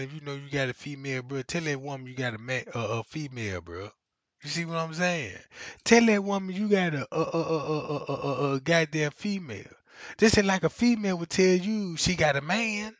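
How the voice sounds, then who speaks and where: A man hosts a comedic livestream, rambling through crude stories, swearing constantly, laughing often and repeatedly asking "you know what I'm saying." He acts out quoted voices in exaggerated pitches. He talks fairly quickly, and the recording is muffled with no room sound.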